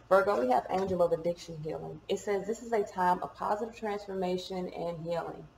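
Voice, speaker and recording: A woman's voice: on the low side, brisk, creaky, hardly any pauses, echoey room, very noisy. A woman giving a casual tarot reading, chatty and informal, cursing now and then. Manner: chatty, swears and laughs at herself. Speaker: tarot reader.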